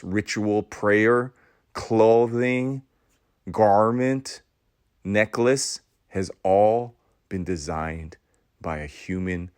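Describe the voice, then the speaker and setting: A man giving an impassioned podcast monologue in a preachy, intense way, repeating words for emphasis and swinging between loud outbursts and hushed passages. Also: on the low side, no echo, clean studio sound. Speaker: podcast host.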